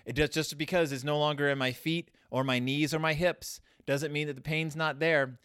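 A man's voice: moderate pace, smooth, no echo, studio quality. A man casually hosting a podcast, reviewing a children's book in a rambling, sarcastic monologue. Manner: rambling, sarcastic, animated swings in pitch and loudness.

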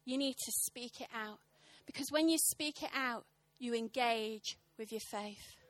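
Woman in her thirties, sermon, high bright voice, dry close sound, punchy comic storytelling. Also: measured pace, no room sound. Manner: animated, impassioned, punchy comic timing. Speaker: preacher. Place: church service.

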